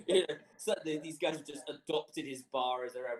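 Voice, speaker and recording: A man's voice: mid-range voice, lively intonation, moderate pace, roomy sound, poor audio. A man narrating as game master in a rambling, chuckling way, full of fillers.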